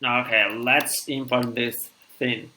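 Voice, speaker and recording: A man from Siberia with a thick Russian accent, tired after hours of streaming, coding live and thinking aloud in a halting way as he reads code out. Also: mid-range voice, level tone, pushed and bright, a little hiss or hum.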